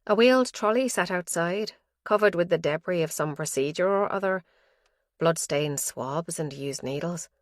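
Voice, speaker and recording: Low-voiced woman reading an audiobook. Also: moderate pace, dry recording. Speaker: audiobook narrator. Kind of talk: scripted narration.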